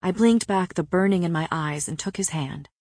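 Woman, audiobook narration, lowish voice, soft even delivery, dry close sound. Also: moderate pace, gravelly, no room sound. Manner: soft, even storytelling with quiet dialogue. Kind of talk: scripted first-person narration.

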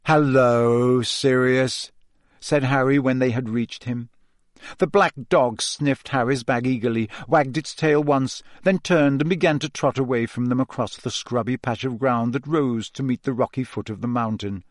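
A man's voice: medium pitch, normal speed, no echo, studio quality. A man reading a novel aloud as an audiobook narrator, telling the story steadily and voicing the characters' quoted lines himself.

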